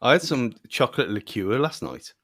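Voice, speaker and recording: A man's voice: medium pitch, big pitch swings, moderate pace, fairly bright tone, no echo, clean studio sound. An English man chatting casually, hesitant and searching for his words. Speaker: podcast co-host. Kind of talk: casual chat.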